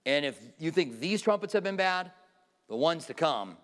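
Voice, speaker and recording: A man with a fairly high voice teaches scripture in a conversational way, stopping to quiz his audience. His voice carries a long reverb from a large hall. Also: expressive, moderate pace, fairly bright tone. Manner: informal, questions the audience directly. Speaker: Bible teacher. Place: church hall with a live audience.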